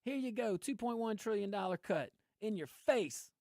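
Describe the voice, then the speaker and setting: A man's voice: high-pitched, normal speed, vocal fry, no room sound, studio quality. A man hosting political commentary, ranting with lots of laughs. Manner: animated, ranting, laughs often. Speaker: host.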